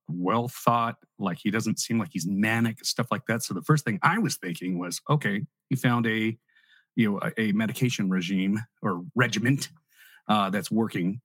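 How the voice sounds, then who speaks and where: A man's voice: on the low side, no room sound. A man co-hosting a podcast, chatting casually, laughing easily and rambling as he thinks aloud. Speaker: podcast co-host.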